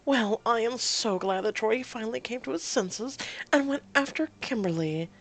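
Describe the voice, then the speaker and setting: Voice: medium pitch, lively intonation, moderate pace, voice pushed up. A reader playing a haughty society matron. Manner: haughty, sneering. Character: snobbish older society woman.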